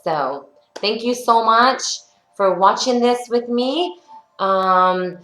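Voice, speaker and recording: A woman's voice: on the high side, lively intonation, slow, a bit bright. A woman leading a home workout as a fitness instructor, upbeat and encouraging, chatting and telling stories between cues. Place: her workout studio, indoors. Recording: echoey room with faint music.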